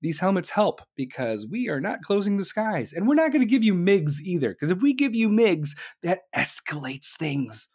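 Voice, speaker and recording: A man's voice: high-pitched, big pitch swings, moderate pace, hardly any pauses, darkish tone. A man from the United States delivering an angry, profane political rant, swearing constantly and throwing in sarcastic mocking asides.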